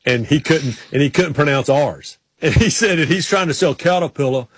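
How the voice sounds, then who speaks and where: Husky man rambling through stories. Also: a little high, lively intonation, normal speed, fairly bright tone, no echo. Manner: rambling storyteller, frequent restarts. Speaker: podcast host. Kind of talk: casual chat.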